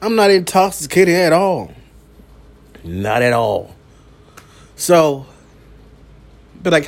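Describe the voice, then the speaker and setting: A man hosting a late-night solo podcast, talking slowly and profanely and returning again and again to one catchphrase. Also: on the high side, sing-song. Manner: slow, profane, repeats a catchphrase; coughs now and then. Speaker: podcast host. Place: downtown building at night.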